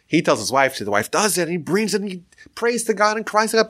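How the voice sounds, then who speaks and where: A man giving a storytelling lecture on Jewish history, dramatic and animated. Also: sits high, fast talker.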